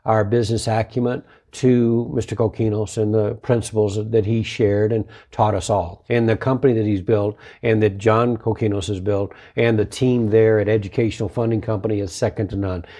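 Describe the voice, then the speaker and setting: A man's voice: on the low side, little pitch movement, normal speed, hardly any pauses, mellow. A man hosting a motivational talk and telling folksy, conversational stories about his martial arts business, repeating his key phrases.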